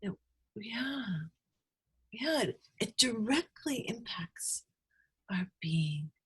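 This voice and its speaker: A woman guest on a podcast, speaking softly and reflectively, often slipping into a breathy whisper as she retells a session. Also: a little high, very animated, extremely slow. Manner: soft, reflective, retells sessions with quoted dialogue. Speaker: guest healer. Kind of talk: podcast interview, storytelling.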